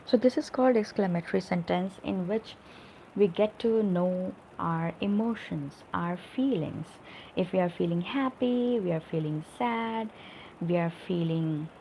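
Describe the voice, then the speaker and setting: Gravelly-voiced woman teaching spoken English. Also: on the low side, dark tone, a little hiss or hum, poor audio. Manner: explains with examples and frequent tag "right?". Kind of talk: live online English lesson.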